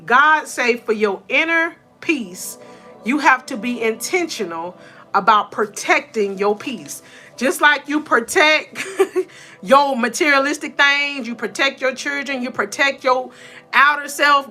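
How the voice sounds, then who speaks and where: A woman's voice: on the high side, expressive, slow, bright, forceful tone, soft background music. A woman in her thirties from North Georgia with a Georgia Southern accent, giving a motivational live-stream talk from her room. She greets viewers with sweet endearments and laughs often. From North Georgia, USA. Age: 30s. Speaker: motivational coach.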